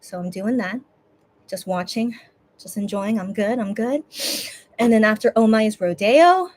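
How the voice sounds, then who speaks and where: A woman's voice: medium pitch, normal speed, darkish tone. A woman vlogger giving a casual recap of a concert she watched, emotional and rambling, with many restarts and quoted self-talk. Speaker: fan vlogger.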